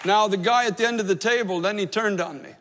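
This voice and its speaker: A man's voice: sits high, fast talker, a bit bright, some chatter behind. Earnest preacher man in a reverberant hall. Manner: storytelling preacher, earnest and emphatic. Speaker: pastor. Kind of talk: sermon.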